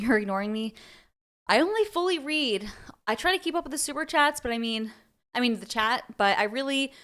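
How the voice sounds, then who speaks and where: A young woman talks through a casual livestream, slightly out of breath. Her delivery is chatty and loose, full of quick asides to the viewers. She sits close to a desktop mic. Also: fairly high pitch, fairly bright tone. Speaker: livestream host.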